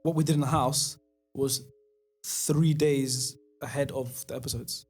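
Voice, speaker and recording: A man's voice: medium pitch, fairly even intonation, measured pace, darkish tone. A man, a guest on a casual podcast, talking in a laid-back, trailing way with lots of fillers. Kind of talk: casual chat.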